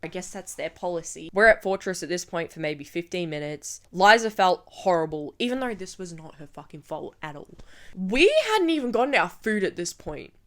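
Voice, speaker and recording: Young woman vlogger, fairly low voice, ranty and sweary storytelling. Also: normal speed. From Australia. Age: 20s. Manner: ranting, heavy swearing, animated. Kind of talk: storytime vlog.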